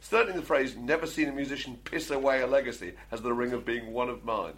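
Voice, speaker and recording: A middle-aged man chats on a podcast at a brisk clip. His voice sits at an ordinary pitch, and he tells quick, chatty anecdotes, breaking into laughter often. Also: a bit bright. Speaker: podcast co-host. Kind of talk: casual podcast chat.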